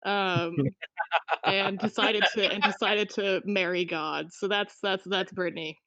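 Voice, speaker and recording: A woman's voice: medium pitch, steady tone, measured pace, sharp tone, no echo. Rambling woman player, dry muffled audio. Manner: rambling, full of restarts, laughs often. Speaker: player in a tabletop game. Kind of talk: casual chat explaining her character.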